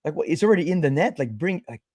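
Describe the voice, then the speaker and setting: An excitable man hosting a casual podcast, swearing freely and calling everyone bro. His pitch leaps up and down as he gets worked up. The sound is close and dry. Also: racing, no echo. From Canada. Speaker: podcast host. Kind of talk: casual chat.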